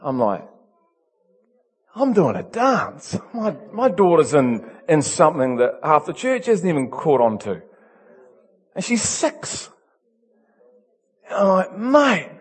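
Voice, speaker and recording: A male pastor, preaching in an animated, emphatic way that swings from loud to soft. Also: a little high, measured pace, long pauses, breathy edge, long reverb tail. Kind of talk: storytelling sermon.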